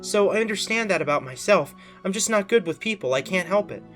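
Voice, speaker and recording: A man's voice: high-pitched, lively intonation, fairly quick, fairly bright tone, faint music behind. A man reading the lines of a shy, awkward teenage girl aloud from a visual novel, in a plain voice with restarts. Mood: hesitant.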